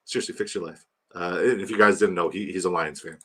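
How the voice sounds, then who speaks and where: A young man hosts a live fantasy football draft stream, chatting loosely with his viewers. He rambles, jokes and shouts out fans by name. His voice sits a bit low but sounds bright and forward. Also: fairly even intonation, fast, husky. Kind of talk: casual live-stream chat.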